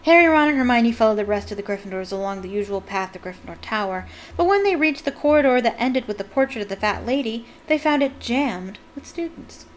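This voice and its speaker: A woman's voice: on the high side, expressive, brisk, hardly any pauses, a little hiss or hum. A young woman reading a book aloud as a fan, with chatty, jokey asides. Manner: chatty, jokey, laughs at the text. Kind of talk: casual read-aloud with commentary.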